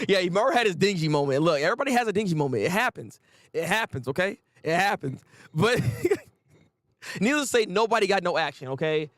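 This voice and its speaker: A man hosting a casual anime episode recap, animated and laughing often as he acts out characters' lines. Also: sits high, a little fast, no echo, clean studio sound. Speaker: anime review host.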